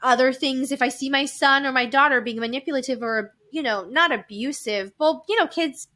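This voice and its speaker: Bright-voiced woman telling candid stories. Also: high-pitched, moderate pace. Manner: open and animated, laughs often. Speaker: podcast guest. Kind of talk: candid personal storytelling.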